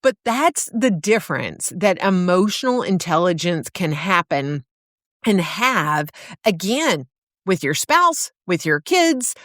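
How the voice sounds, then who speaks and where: A woman's voice: lowish voice, very animated, slow pace, no echo, studio quality. A middle-aged woman hosting a solo podcast, telling stories in an easy, meandering way with fillers and restarts. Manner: warm storytelling with fillers and restarts. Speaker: podcast host.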